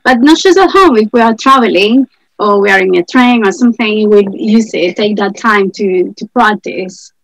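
A woman, the guest's partner, answering hesitantly and softly in casual chat. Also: medium pitch, normal speed, gravelly, no room sound, poor audio. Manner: hesitant, soft-spoken.

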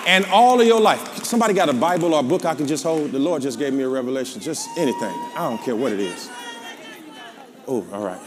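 A man with a Southern American accent, a pastor preaching a sermon, calling out to the congregation and then dropping into low asides. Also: animated, brisk, long reverb tail. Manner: call-and-response preaching, swings from shouting to low asides. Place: large church before a live congregation. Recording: live church with crowd and noise. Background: congregation responding.

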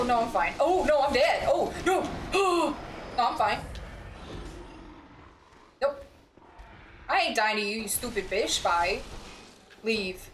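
A young woman streaming a horror game, reacting loudly with lots of swearing and jumpy outbursts. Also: on the high side, a little hiss or hum. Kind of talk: live game commentary.

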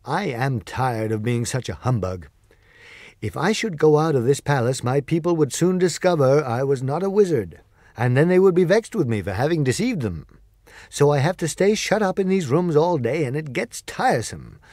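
A man's voice: on the high side, very animated, moderate pace, a little mellow, no echo, clean studio sound. A man voicing a humble, elderly male humbug wizard who speaks earnestly and turns proclaiming. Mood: weary.

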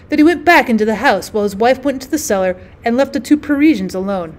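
A woman teacher narrating a classic short story aloud in a clear, measured way. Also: fairly high pitch, lively intonation. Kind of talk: audiobook reading of a classic story.

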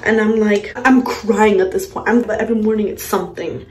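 A woman's voice: mid-range voice, steady tone, a little fast, a little hiss or hum. A young woman tells a story from her day in a blunt, exasperated, cussing way as she does her makeup. Her voice sits in a middle range. The room around her is echoey. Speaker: vlogger, mother. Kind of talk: casual storytime while doing makeup.

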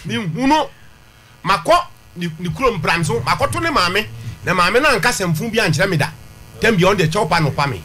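Insistent high-voiced man. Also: expressive, fairly quick, sharp tone, slightly rough. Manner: insistent, repeats figures. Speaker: complainant. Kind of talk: heated dispute on a talk show.

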